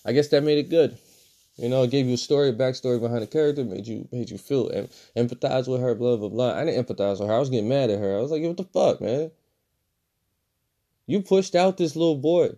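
Profane, ranting man with a mellow voice. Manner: profane, animated, swings between loud outbursts and low mutters. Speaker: movie reviewer. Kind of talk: casual ranting movie review.

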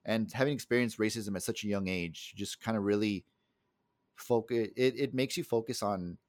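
A man's voice: lowish voice, moderate pace, a little mellow, no room sound, studio quality. A young man from the El Paso area, co-hosting a casual podcast and telling a story in a heated, profane way. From El Paso area, USA. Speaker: podcast co-host.

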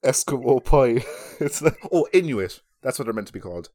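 Young Irish guy, podcast co-host, crude banter, animated pitch. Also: a little fast. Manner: crude joking, laughs often. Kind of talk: casual chat. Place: bedroom at home. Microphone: podcast mic.

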